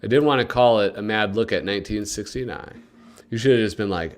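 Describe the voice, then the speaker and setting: A man with a fairly low pitch hosts a casual livestream at a brisk pace. He rambles and chats with his viewers, his commentary packed with fillers.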